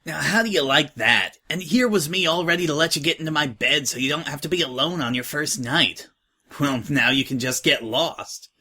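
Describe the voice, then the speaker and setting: A man's voice: fairly high pitch, moderate pace, bright, forceful tone. A man voicing a tough, slangy young filly who talks bluntly and offhand. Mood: brash. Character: brash, tough young filly, slangy orphan-home veteran.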